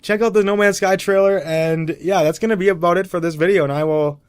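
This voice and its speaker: A man's voice: high voice, fairly even intonation, brisk, clean tone, dry recording, studio quality. Chatty young man hosting gaming news. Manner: chatty, opinionated, sarcastic asides. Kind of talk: casual gaming news commentary.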